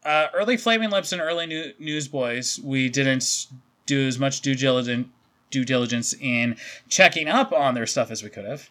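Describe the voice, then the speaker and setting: A man's voice: medium pitch, normal speed. A man co-hosting a music podcast with his brother, telling stories in casual chat and acting out quoted lines. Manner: animated storyteller, acts out quotes. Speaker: podcast co-host.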